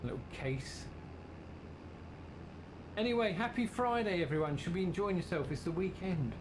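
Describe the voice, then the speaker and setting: A man's voice: high voice, animated, moderate pace, background noise. A man with an English accent chatting casually to viewers while playing a farming game, his voice run through a filter. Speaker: game streamer. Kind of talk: casual gaming commentary.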